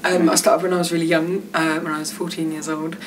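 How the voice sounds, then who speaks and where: A woman's voice: low-pitched, flat delivery, quick pace. A woman from suburban London, chatting as a comedian guest in a casual, self-deprecating, giggly way. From London suburbs, England. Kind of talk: casual backstage interview. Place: backstage at a venue. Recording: distant mic with background noise.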